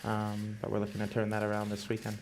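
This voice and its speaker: Male driver from Canada, monotone and gravelly, halting filler-heavy answers. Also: fairly low pitch, a little hiss or hum. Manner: hesitant, many fillers. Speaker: racing driver. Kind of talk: press conference answers.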